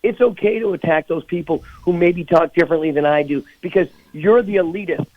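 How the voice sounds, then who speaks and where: A man's voice: fairly high pitch, fairly quick, dry recording, narrow, tinny audio. A man speaking as a guest on a radio talk show, indignant and emphatic. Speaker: political guest. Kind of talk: phone-in radio interview.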